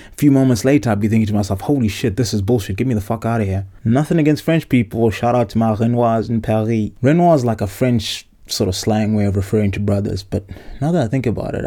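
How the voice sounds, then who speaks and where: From inside a wardrobe packed with clothes, a Zimbabwean man in his thirties hosts a podcast, ranting casually through profane, joking stories. His voice is mellow and on the low side.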